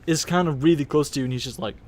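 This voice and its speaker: A man's voice: fairly high pitch, racing, a little mellow. A young man narrating a live-streamed tabletop game as game master, rambling with fillers. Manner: rambling, many fillers, laughs at himself.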